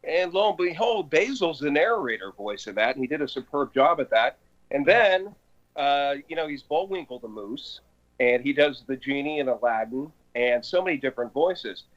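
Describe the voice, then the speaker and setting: A man from Ohio, a radio sportscaster guest, telling lively stories about his old morning show. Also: mid-range voice, normal speed, highs cut off. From Ohio, USA. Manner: animated, eager storyteller. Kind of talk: casual chat.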